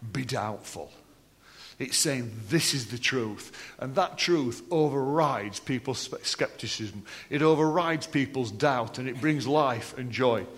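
A man preaching a sermon, animated and joking with the congregation between readings. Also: medium pitch. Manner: animated, jokey asides with the congregation. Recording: long hall reverb.

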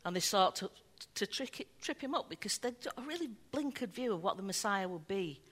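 A woman preaching a sermon, telling the story in an animated way and acting out the voices of the people in it. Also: mid-range voice, fairly quick. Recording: long hall reverb.

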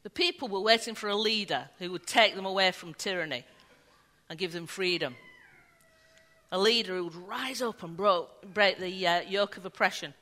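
A woman preaching a sermon, telling the story in an animated way and acting out the voices of the people in it. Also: medium pitch, normal speed. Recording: long hall reverb.

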